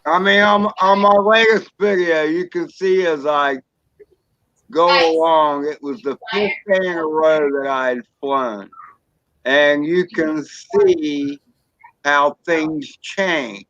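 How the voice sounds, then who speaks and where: A man chatting casually on a live stream, talking slowly and drawn out. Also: fairly high pitch, lively intonation, a bit bright, dry recording. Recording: slightly dull sound.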